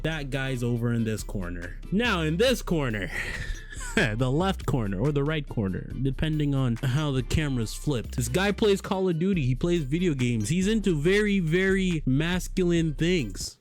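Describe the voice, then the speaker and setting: Brief: male vlogger, expressive, lively delivery, casual slangy talk to camera. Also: fairly high pitch, moderate pace, soft background music. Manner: animated, joking, talks to camera in slang. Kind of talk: casual vlog monologue.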